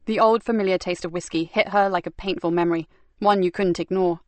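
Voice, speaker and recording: A woman reading a crime novel aloud in a measured, even way. Her voice is on the lower side and sits close and dry, with no room sound. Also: no echo. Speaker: audiobook narrator. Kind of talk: scripted narration.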